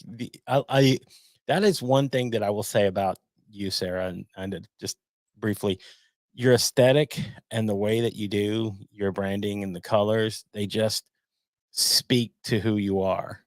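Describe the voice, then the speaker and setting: A man speaking as a guest on a live podcast stream, talking casually and rambling, often restarting his sentences. His voice sits fairly low, and the sound from his home webcam setup is dry and close, with no room echo.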